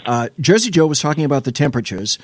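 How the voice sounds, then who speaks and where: A man's voice: a little high, very animated, fast. A man hosting a late-night call-in talk show, joking and bantering with salty asides.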